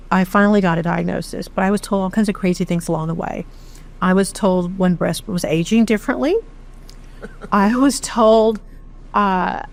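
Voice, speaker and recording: A middle-aged woman from Texas tells her own story as an interview guest, candid and animated, with a self-deprecating streak. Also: mid-range voice. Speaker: charity founder, interview guest. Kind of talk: conversational storytelling.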